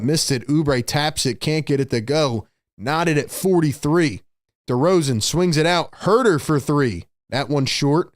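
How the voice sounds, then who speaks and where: A man hosting a live fan stream, calling the game play by play and reacting excitedly while talking to viewers in the chat. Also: mid-range voice, dry recording, studio quality. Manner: excitable, shouts big plays, chats with viewers. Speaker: livestream host.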